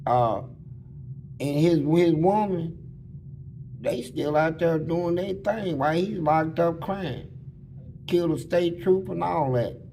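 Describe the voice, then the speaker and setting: A man bluntly telling prison stories in casual, animated talk. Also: a little high, takes it slowly, vocal fry, pauses often, a little hiss or hum. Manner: animated, blunt, slips into voices. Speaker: interviewee.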